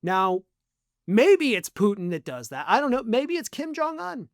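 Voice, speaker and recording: A man's voice: very high-pitched, big pitch swings, a little slow, no room sound, studio quality. A man hosting online political commentary in a sarcastic, mocking manner. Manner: sarcastic, mocking, acts out quotes.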